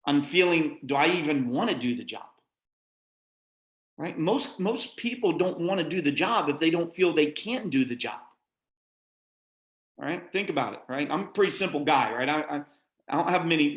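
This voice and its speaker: A middle-aged man giving a folksy, motivational sales-training talk, often checking in with his listeners. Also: a little high. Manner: folksy, repeats "right?" often. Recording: echoey room.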